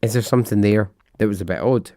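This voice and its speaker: A man's voice: on the low side, fast, warm tone, no echo, studio quality. A man hosting a podcast, telling a true-crime story in a chatty, musing way, asking himself questions and swearing freely. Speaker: podcast host.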